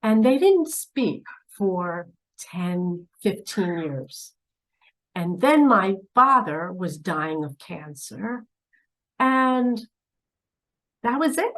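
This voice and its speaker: A woman giving a spiritual talk straight to the viewer, dramatic and preachy, swinging between loud urging and hushed asides and pressing the listener with pointed questions. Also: medium pitch, expressive, drawn-out words, poor audio. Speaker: spiritual teacher. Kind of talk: direct-to-camera spiritual talk.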